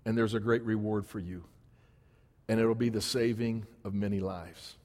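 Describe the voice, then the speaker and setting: A man's voice: lowish voice, fairly even intonation, normal speed, a little mellow. A man preaching a sermon as pastor in a church, emphatic and repetitive in his cadence. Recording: long hall reverb.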